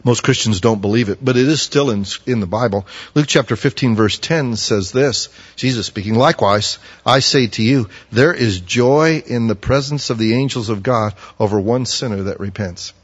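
A man delivers a sermon at a middle pitch and jumps to loud, pleading outbursts whenever he acts out the prophets. The recording is dull and muffled, and his voice rings through a church hall with a long echo. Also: moderate pace, hardly any pauses, husky. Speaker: preacher.

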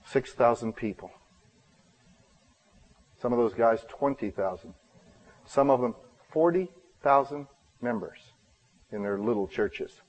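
Male pastor, sermon delivery, earnest self-deprecating storyteller, voices the dialogue, pushes to loud bursts, mid-pitched voice. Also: takes it slowly, pauses often, low-quality recording.

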